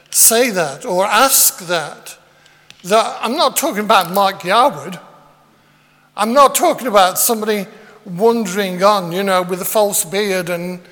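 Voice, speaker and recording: Man giving a chatty sermon, high bright voice, long echo in the hall. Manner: rambling, self-deprecating, many fillers. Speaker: preacher. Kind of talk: conversational sermon.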